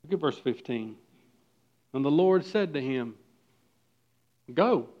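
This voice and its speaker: A man preaching a sermon as pastor, swinging from loud emphatic lines to hushed, quiet ones. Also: on the high side, expressive, slow pace, lo-fi sound.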